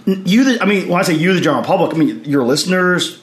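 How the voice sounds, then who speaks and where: A man's voice: high-pitched, quick pace. A man with a slightly raised voice tells stories as a podcast guest. He speaks with energy, breaks into the voices of the people in his anecdotes and laughs as he goes. The room leaves a noticeable echo on his voice. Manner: animated anecdotes, acts out others' lines, laughs while telling. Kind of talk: storytelling in casual conversation. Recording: roomy echo.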